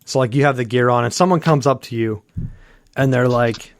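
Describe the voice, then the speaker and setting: Co-hosting a laid-back sports podcast, a man in his thirties meanders through a story, acting out its characters and filling it with "like" and other fillers. His medium-pitched voice runs a little fast over a dry recording.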